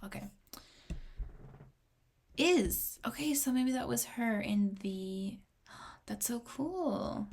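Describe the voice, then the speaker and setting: A young woman giving casual, rambling reaction commentary on an album, excitable and often dropping to a whisper while she reads her notes. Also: a little high, slow, long pauses, husky. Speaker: music reaction vlogger.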